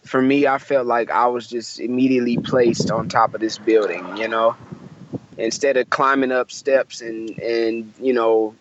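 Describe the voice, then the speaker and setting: A man's voice: medium pitch, fairly even intonation, moderate pace, muffled recording, noisy background. A young man from Michigan, a musician guest, telling a story in a casual interview, acting out the voices of the people in it and using lots of fillers. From Michigan, USA.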